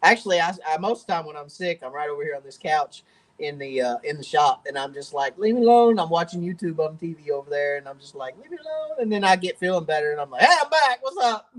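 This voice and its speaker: A man's voice: on the high side, poor audio. A man hosting a live-stream question and answer chat from his home workshop, folksy and talkative and laughing often. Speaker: host of a fishing channel.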